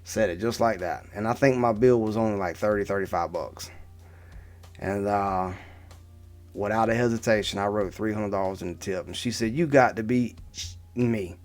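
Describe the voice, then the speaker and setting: A man's voice: on the low side, fairly even intonation, moderate pace. Rambling man telling a story to camera. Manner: rambling, repeats "right?" and restarts. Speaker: vlogger.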